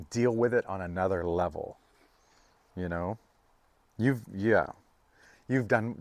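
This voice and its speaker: A man giving a casual, rambling tarot reading, full of fillers and restarts, now and then breaking into high, playful bursts. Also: no room sound. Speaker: tarot reader.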